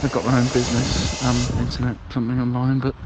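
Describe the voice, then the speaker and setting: A man's voice: mid-range voice, completely flat delivery, fast talker, very noisy. A man leaving rambling, cheerful voicemails as a balloon ride passenger, with many hesitations. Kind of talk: comic voicemail monologue.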